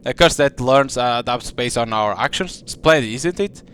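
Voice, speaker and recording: A man's voice: medium pitch, animated, normal speed, a bit bright, clear, resonant tone, natural voice. A man voicing a haughty, refined young woman who talks in a prim, condescending drawl. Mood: wry.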